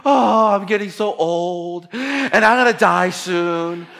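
A man's voice: sits high, takes it slowly, creaky, fairly bright tone, voice pushed up, full character voice. A man doing a whiny aging parent. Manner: whiny passive-aggressive sighing. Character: aging parent guilt-tripping about grandkids.

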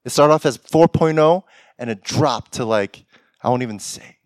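A man's voice: medium pitch, moderate pace, no echo, clean studio sound. A young man giving a sermon, often laughing and acting out the lines of people he imagines. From Korean heritage. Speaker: pastor. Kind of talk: sermon with acted-out quotes.

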